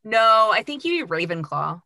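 A woman's voice: medium pitch, sing-song, moderate pace, creaky, sharp tone, no room sound, clean studio sound. A woman hosting a podcast, chatting casually and asking her guests curious questions. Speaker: podcast host. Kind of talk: casual chat.

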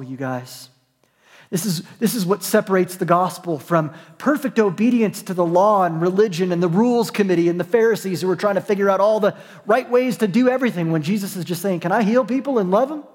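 High-voiced preacher in a reverberant hall. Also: male voice, fairly quick. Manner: earnest, emphatic preaching with repetitions and restarts. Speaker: pastor. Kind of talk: sermon.

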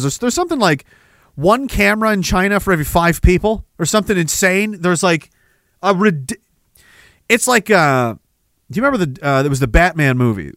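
A man's voice: on the high side, fairly bright tone, no echo, clean studio sound. A man hosting a political commentary livestream, sarcastic and rambling, reading viewer messages and laughing often. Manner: reads viewer messages aloud. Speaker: livestream host.

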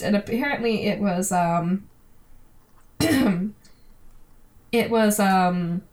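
A woman co-hosting a casual podcast, rambling through a story with plenty of fillers. Her voice sits at a middle pitch. She sounds relaxed and conversational. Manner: chatty storyteller, many fillers. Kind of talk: casual chat.

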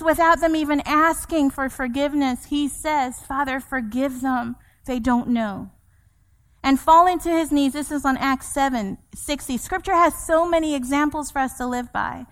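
High-voiced woman pastor preaching. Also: fairly bright tone. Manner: preaching with emphatic repetition, acting out scripture quotes. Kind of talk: sermon. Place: church sanctuary. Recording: long church hall reverb.

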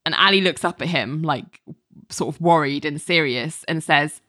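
A woman with a lowish voice, recorded dry and close, talking through a TV episode scene by scene. She tells it casually and acts out the characters' lines as she goes. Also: normal speed, fairly bright tone, no echo. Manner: recounts scenes in detail, acts out quotes, laughs often. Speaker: podcast co-host recapping a TV episode. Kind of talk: casual chat.

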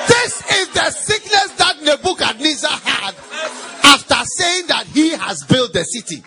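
A middle-aged man preaching a sermon as pastor, animated and playful, quizzing the congregation and mimicking animal noises. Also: very high voice, a little slow, raised voice, loud music behind the voice, over a noisy crowd.

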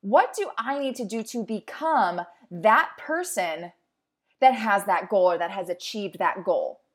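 At a measured pace and medium pitch, a young woman speaks with lively intonation. She's a fitness instructor and host offering an upbeat, encouraging motivational monologue in a conversational way, acting out inner voices.

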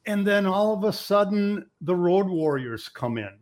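A man hosting an interview podcast, who gives short reactions and asks measured questions. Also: high voice, animated. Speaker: podcast host.

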